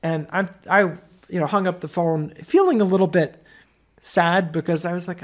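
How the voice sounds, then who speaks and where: A man's voice: high-pitched, normal speed. A middle-aged man hosting a webinar, telling stories in a chatty way with many asides. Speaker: webinar host. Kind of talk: webinar sales talk.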